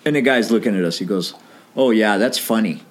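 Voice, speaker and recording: Speaking fairly quickly in a lowish voice, a middle-aged man recounts an animated anecdote from his time in a band. He quotes the dialogue as he acts it out, laughing every so often.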